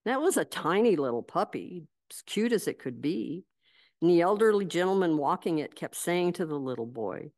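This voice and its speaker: A woman pastor delivering a sermon, telling stories in a measured, reflective way. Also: fairly low pitch, very animated, a little mellow.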